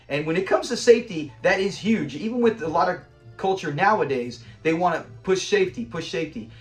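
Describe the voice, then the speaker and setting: A man's voice: fairly high pitch, expressive, fast, faint music behind. A man casually reviewing a classic sitcom episode, enthusiastic, quoting the characters and laughing often. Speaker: show reviewer.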